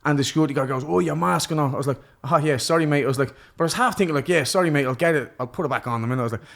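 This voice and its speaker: A young Irish man, a boxer, telling a lively, cheeky story in casual podcast chat and putting on other people's voices. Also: mid-range voice, racing. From Ireland. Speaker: guest, professional boxer.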